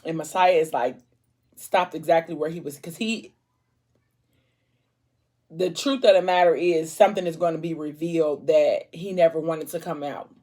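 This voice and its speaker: A woman talking casually while she snacks at home, recapping a story in a loose, chatty way. She fills her sentences with "like" and keeps slipping back into the scenes. Her voice sits a little low for a woman. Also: normal speed, long pauses, dark tone. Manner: chatty, retells scenes with lots of "like". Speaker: vlogger retelling a book's plot. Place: at home, eating a fruit tray.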